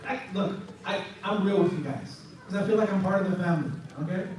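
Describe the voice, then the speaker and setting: Male speaker, high voice, sarcastic and joking, a bit worn; distant mic in a boomy hall. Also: fast talker, a little mellow, a little hiss or hum. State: voice tiring. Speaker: speaker answering congregation questions. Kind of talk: lively Q&A talk to a congregation. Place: mosque hall. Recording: echoey hall from far off.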